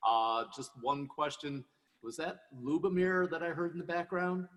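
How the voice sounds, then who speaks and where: A man's voice: fairly high pitch, steady tone, moderate pace, a bit bright, long reverb tail, a little hiss or hum. A man asking a casual question on a church call.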